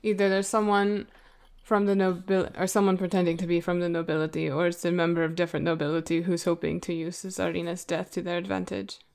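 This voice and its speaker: A woman's voice: on the low side, little pitch movement, a little fast, gravelly, hardly any pauses, a little mellow. A woman playing a tabletop game, reasoning aloud in a thoughtful way. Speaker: player.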